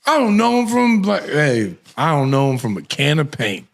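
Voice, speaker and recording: A man hosting a podcast, telling a story in casual chat, animated and laughing, with slang and swearing. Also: on the high side, moderate pace, gravelly. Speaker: podcast host.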